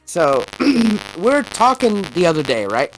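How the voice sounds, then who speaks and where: A woman's voice: sits low, a little slow, soft background music, low-quality recording. A woman co-hosting a podcast, telling a story in a casual, swearing way with many fillers and reenacted exchanges. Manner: animated, swearing, laughing retellings with many fillers. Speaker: podcast co-host.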